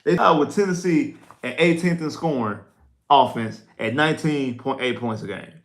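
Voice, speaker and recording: Man, sports livestream host, excitable, repetitive, stumbling, postgame chat. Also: medium pitch, normal speed. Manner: excitable, repeats himself, stumbles over words. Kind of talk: casual postgame sports talk.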